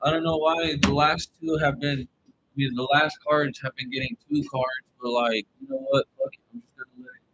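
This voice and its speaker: Man, fairly high voice, tarot reader, blunt, profane, rambling. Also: fairly even intonation, moderate pace, fairly bright tone, muffled recording, a little hiss or hum. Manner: loose, rambling phrasing. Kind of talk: casual online tarot reading.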